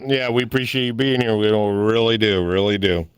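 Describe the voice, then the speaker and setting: A man's voice: mid-range voice, steady tone, quick pace, smooth. A man co-hosting a casual podcast, joking and swearing, teasing with mock voices, asking the guest questions. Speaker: podcast co-host.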